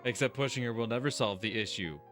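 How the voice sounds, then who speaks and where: Guy doing a lets play, reads the text then swears a ton out of frustration, mid voice, soft music in the back. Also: mid-range voice, quick pace. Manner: exasperated, swears heavily. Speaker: gaming video host. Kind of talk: let's-play commentary, reading game text aloud.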